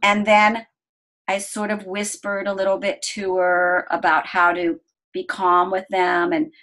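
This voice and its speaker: A middle-aged woman recounts a family story in an earnest, gentle voice of ordinary middle pitch. She slows down and softens as she describes the calm moments. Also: poor audio. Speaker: interview guest. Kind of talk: personal storytelling.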